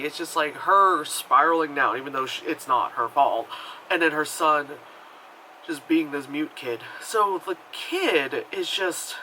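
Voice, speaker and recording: A man's voice: lively intonation, unhurried, sharp tone, slight background noise, low-quality recording. Rambling sarcastic man reviewing a movie. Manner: digressive, sarcastic, swears, many fillers and restarts; mocks characters in high put-on voices.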